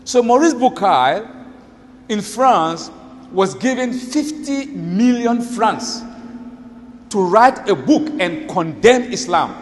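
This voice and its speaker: Man, preacher, storytelling sermon, dramatic rhetorical questions, high voice, faint background hiss. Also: big-room sound.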